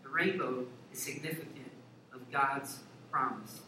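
A man's voice: medium pitch, steady tone, measured pace, background noise. A man preaching a sermon as pastor, playful and joking as he talks to the congregation. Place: church sanctuary. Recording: echoey church hall from far off with congregation.

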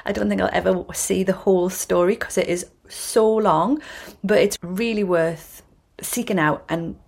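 A woman's voice: medium pitch, a little slow, vocal fry, darkish tone. A woman hosting a yoga podcast, explaining ideas in a chatty, self-correcting way with frequent restarts. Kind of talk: casual explanatory talk.

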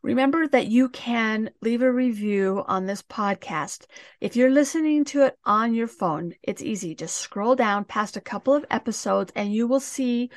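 A middle-aged woman hosting a self-help podcast, talking listeners through exercises in a calm, gentle voice. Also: a little high, normal speed, no room sound, studio quality. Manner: calm, gentle guided-meditation delivery. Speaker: podcast host.

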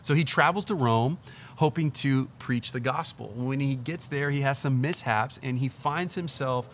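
A young man, a pastor, giving a casual, conversational sermon in an animated, chatty way, often saying "like" and "literally.". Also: medium pitch, moderate pace, slight background noise.

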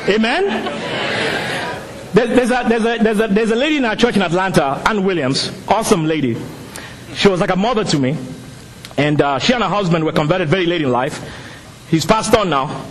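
A middle-aged man, not a native English speaker, preaching a sermon with animated storytelling that rises to shouts. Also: high-pitched, moderate pace, a faint crowd. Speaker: pastor.

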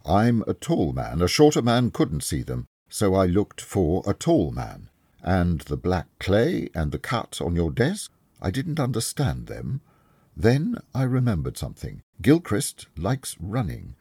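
A man reading a story aloud, voicing a calm, clever male detective who explains things step by step and is kindly but firm. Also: deep voice, unhurried, breathy edge, no room sound, studio quality, pitched above the performer's own voice, full character voice. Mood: explaining. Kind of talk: audiobook reading.

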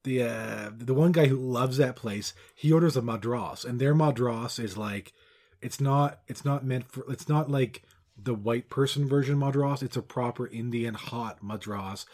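A middle-aged man co-hosting a podcast, telling long rambling stories in casual chat that trail off quietly and then pick up again. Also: mid-range voice, measured pace. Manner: rambling storyteller, drifts quiet then loud. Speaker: podcast co-host.

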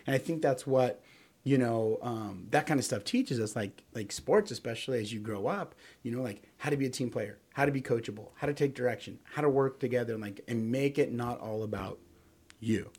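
A chatty man on a casual podcast, talking at a medium pitch. He tells stories with lots of fillers and asks "right?" often. He acts out the quotes in his stories. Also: brisk, slightly rough. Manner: animated storyteller, many fillers and "right?"; acts out quotes in other voices. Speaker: podcast co-host. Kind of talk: casual sports talk.

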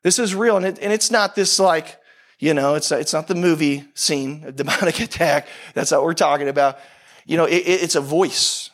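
A man with a high speaking voice gives a sermon in a loose, conversational manner. He often repeats his phrases to press a point home. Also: moderate pace, fairly bright tone. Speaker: pastor.

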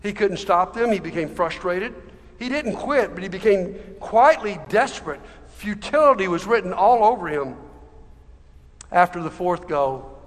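Pastor guy telling an emotional story, high voice, long echo in a church hall. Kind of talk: sermon storytelling.

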